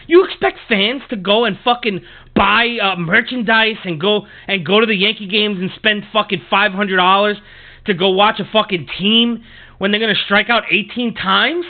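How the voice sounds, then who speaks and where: A man's voice: high voice, normal speed. Profane, ranting man on tinny audio. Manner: profane, heated, repetitive ranting. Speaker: podcast host. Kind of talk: ranting sports podcast monologue.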